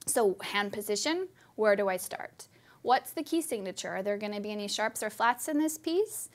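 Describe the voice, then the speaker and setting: A woman's voice: mid-range voice, lively intonation, normal speed. A woman giving a live piano lesson, explaining in an upbeat, chatty way. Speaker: piano teacher. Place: studio with piano.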